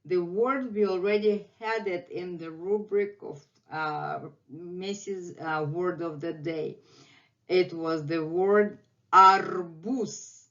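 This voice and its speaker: A woman with a Russian accent teaches her language at an unhurried pace, saying each sound and word again and again so learners can follow. Her voice sits slightly low, and the home recording sounds dull and lo-fi. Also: fairly even intonation, fairly bright tone. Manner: repeats sounds and words patiently for learners. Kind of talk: slow, deliberate language lesson.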